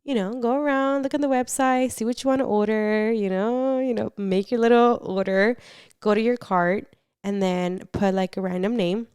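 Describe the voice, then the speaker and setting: A young woman hosting a casual advice podcast, chatty and animated, reading confessions and swearing casually. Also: on the high side, moderate pace, smooth, no room sound, clean studio sound. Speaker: podcast host.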